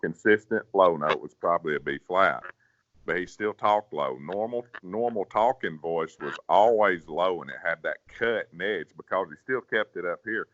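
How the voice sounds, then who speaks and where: A man who sings bass, talking folksy and casual in an interview, often repeating words. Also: moderate pace, fairly bright tone, no echo. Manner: folksy, repeats words, drops to a growl to demonstrate. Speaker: professional bass singer, guest. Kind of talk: casual interview, giving singing advice. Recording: dull, dry sound.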